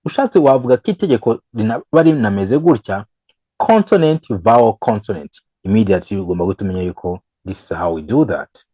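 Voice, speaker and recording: A man's voice: fairly low pitch, animated, dark tone, breathy edge, dry recording, low-quality recording. Man teaching English grammar. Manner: switches between English and Kinyarwanda, repeats examples slowly, counts the learner in. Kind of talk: bilingual grammar lesson.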